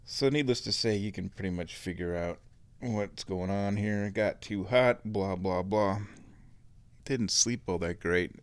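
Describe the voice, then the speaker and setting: A man's voice: lowish voice, measured pace, smooth. A man vlogging in a casual, meandering way, telling a long everyday story with little laughs and sighs along the way. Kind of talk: casual rambling vlog.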